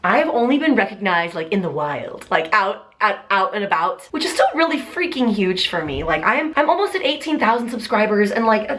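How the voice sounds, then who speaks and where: A woman's voice: medium pitch, a bit bright. A young woman YouTuber chatting casually to camera in a Q&A vlog, bubbly and chatty with lots of "like".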